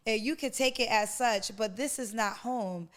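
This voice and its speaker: Smooth-voiced woman giving heartfelt testimony. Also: on the high side, moderate pace, a bit bright. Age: 40s. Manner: emotional, preacherly, addresses listener as honey and baby. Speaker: podcast host. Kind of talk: personal testimony.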